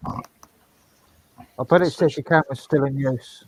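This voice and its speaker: A blunt man heckles his friends in a casual chat, swearing freely. His mid-pitched voice sounds dry and close. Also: steady tone, slow pace, no echo, rough recording.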